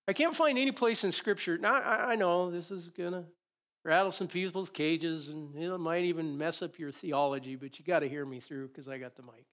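A man preaching a sermon, his voice sitting a little high for a man. He talks in a loose, joking way and swings between loud, emphatic lines and quiet asides, speaking into a microphone. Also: moderate pace. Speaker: pastor.

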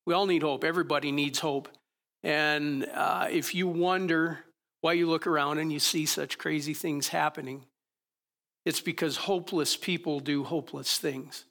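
Male pastor with a gravelly, slightly raised voice, preaching in an informal style full of rhetorical questions. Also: a little high, fairly even intonation, normal speed, a bit bright. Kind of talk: sermon.

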